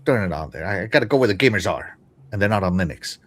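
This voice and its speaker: A man's voice: low-pitched, lively intonation, racing, fairly bright tone, slight background noise. A man hosting a casual live-stream show, talking to his chat with lots of fillers and restarts. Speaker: podcast host.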